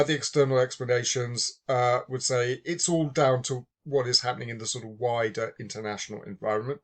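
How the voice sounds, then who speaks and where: A man giving a university lecture, thinking aloud with many fillers and restarts. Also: medium pitch. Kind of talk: recorded lecture.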